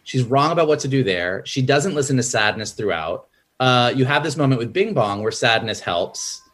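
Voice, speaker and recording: A man in casual film talk, a screenwriter who acts out character lines in a raised, lively voice. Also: normal speed. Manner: animated, acts out character quotes in a higher voice. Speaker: screenwriter and podcast guest.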